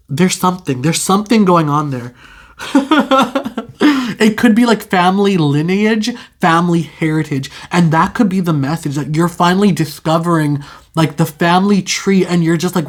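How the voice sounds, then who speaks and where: A young adult tarot reader giving a casual intuitive reading straight to the viewer, chatty and full of fillers, stretching out key words. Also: mid-range voice. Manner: chatty, filler-heavy, drawn-out keywords.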